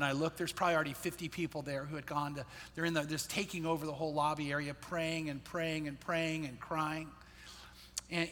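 A man, a pastor, telling a personal story in a sermon, earnest and dropping quiet in the sad parts. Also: on the high side, in a large hall. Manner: earnest storyteller, quotes others in his own voice, drops quiet in sad parts.

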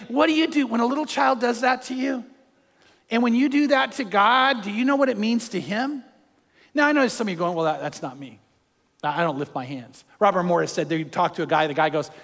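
High-voiced older male pastor preaching. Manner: animated storytelling, acts out quotes. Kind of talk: sermon. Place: church hall with long reverb. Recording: reverberant hall.

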